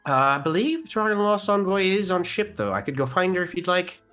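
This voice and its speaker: A man's voice: high-pitched, very animated, fairly quick, a bit bright, faint music behind, voice pushed up. A man putting on a wry lady envoy. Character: wry female envoy of a small nation.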